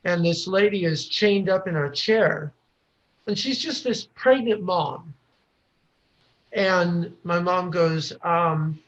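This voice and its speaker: A man from the United States recounts his own story at a very slow, halting pace, pausing and restarting often. His voice sits fairly high. The recording is dull and lo-fi. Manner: halting, with frequent pauses and restarts. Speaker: podcast guest. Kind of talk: personal storytelling.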